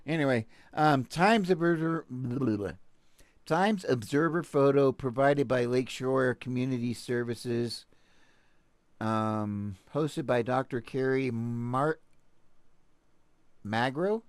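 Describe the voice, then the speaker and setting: A man's voice: mid-range voice, slow, dry recording. A man from Texas with a Texan accent, hosting a show and reading a news article aloud, with sarcastic asides and stumbling restarts. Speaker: podcast host.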